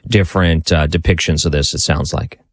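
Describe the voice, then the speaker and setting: Male interviewer, very low voice, dry recording, casual and inquisitive. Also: steady tone, brisk, no echo. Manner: curious, asks stacked follow-up questions.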